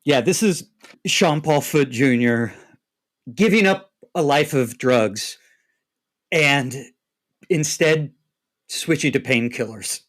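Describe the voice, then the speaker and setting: Male player, mid-pitched, reflective rambling narration. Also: slow pace, long pauses. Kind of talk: narrating a tabletop role-play scene.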